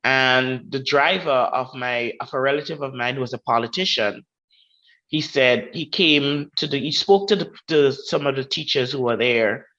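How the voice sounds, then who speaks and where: A woman's voice: extremely low pitch, normal speed, a bit bright, dull audio. A woman with a Grenadian accent, a podcast guest telling a personal story and acting out the voices of the people in it. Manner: vivid, acts out quoted voices.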